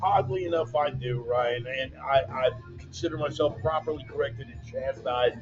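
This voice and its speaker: A man's voice: mid-range voice, flat delivery, normal speed. A man hosting his weekly online show from a laptop, casually chatting and calling his listeners "man" and "brother". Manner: loose, joking, calls listeners "man" and "brother". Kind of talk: casual livestream talk reading viewer comments. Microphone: laptop mic. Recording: dull lo-fi laptop sound with music underneath. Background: bumper music.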